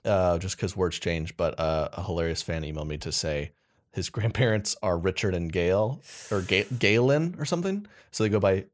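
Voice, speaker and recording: A young man with a somewhat low voice co-hosts a casual comedy podcast. He rambles through his stories, stops and restarts mid-sentence, and keeps poking fun at himself. His delivery is loose and conversational. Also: lively intonation, moderate pace. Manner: rambling, self-mocking, trailing restarts. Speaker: podcast co-host.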